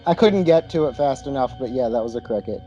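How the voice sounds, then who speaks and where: A man's voice: mid-range voice, animated, fast talker, warm tone, dull audio, faint music behind. A man co-hosting a casual movie podcast, making dry wisecracks and retelling scenes. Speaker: podcast co-host. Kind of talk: casual chat.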